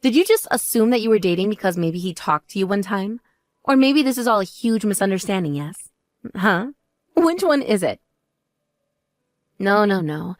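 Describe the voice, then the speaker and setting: Woman voicing a calm, cutting older sister. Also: dry recording, clean studio sound, natural voice. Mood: cool. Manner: measured, calm, lower and drier.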